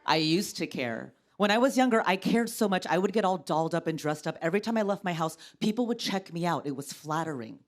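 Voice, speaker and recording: A woman in her thirties doing a stand-up comedy set on a TV stage, wry and exasperated, acting out the people she quotes at a louder pitch. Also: animated, quick pace, hardly any pauses. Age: 30s. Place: television studio stage. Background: studio audience laughter.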